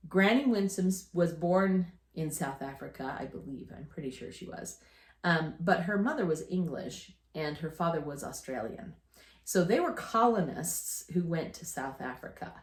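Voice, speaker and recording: A woman in her fifties chats casually and tells family stories with restarts and easy laughter. Her voice sits fairly low, and the room around her is echoey and live. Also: lively intonation, moderate pace. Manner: chatty, rambling storyteller with restarts and laughter. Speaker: podcast co-host telling family stories. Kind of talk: casual chat.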